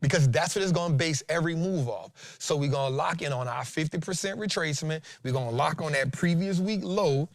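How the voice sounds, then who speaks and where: Animated fortysomething man host, dry sound. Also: a little high, fairly quick, vocal fry, few pauses, no room sound. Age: 40s. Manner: animated, emphatic, repeats lines for effect, slangy. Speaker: stock trading show host. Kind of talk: casual trading talk and chart breakdown.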